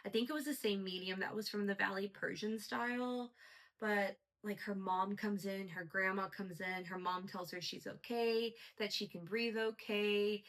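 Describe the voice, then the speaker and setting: A woman with a mid-range, fairly bright voice hosts a casual solo podcast on a rough recording. She chats in a gossipy way, saying "like" constantly.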